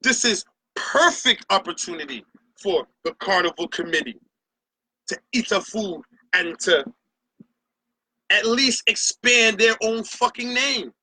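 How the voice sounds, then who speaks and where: High, bright-voiced Barbadian man ranting. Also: expressive, measured pace, no echo. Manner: passionate, profane, emphatic ranting. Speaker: opinion show host. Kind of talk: opinion rant to camera.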